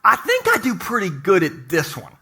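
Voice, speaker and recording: A middle-aged pastor with a high, sharp voice delivers a humorous sermon at a normal speed, his pitch swooping wildly. He jokes and talks conversationally with his congregation in the church.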